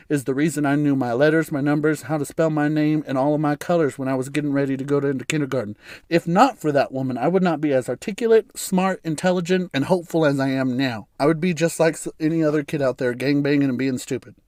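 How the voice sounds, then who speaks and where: A man's voice: a little high, steady tone, fast talker, darkish tone, dry recording, studio quality. A man hosting a solo podcast, talking candidly and bluntly, swearing freely and laughing often. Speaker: podcast host. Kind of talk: casual solo podcast monologue.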